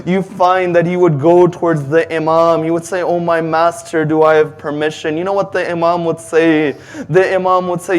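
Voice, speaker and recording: A man's voice: on the high side, little pitch movement, moderate pace, smooth. A man delivering a religious majlis sermon, telling the story with passion and quoting Arabic lines that he then translates. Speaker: majlis speaker.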